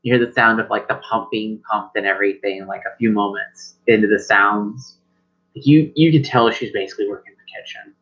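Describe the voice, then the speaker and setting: A man's voice: fairly low pitch, a little fast, slightly rough. A man narrating as game master in a casual, rambling way. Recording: dull lo-fi recording.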